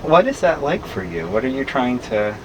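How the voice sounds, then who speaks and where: A man working as a hypnotist, asking calm, probing questions and giving soft suggestions. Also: mid-range voice, normal speed, gravelly, background noise. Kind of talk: guiding a hypnosis session.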